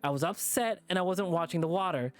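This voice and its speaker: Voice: mid-range voice, natural voice. A visual novel streamer voicing a frightened young male lynx who stammers and breaks down while recalling a trauma. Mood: distraught. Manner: shaky, halting, breaking into sobs.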